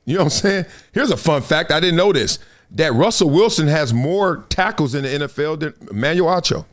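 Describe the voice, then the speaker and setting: A fairly high-pitched man with a lively, swooping voice hosts a live sports talk show. He tells stories in loose, casual slang and laughs often. He slips into other people's voices as he talks. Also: brisk.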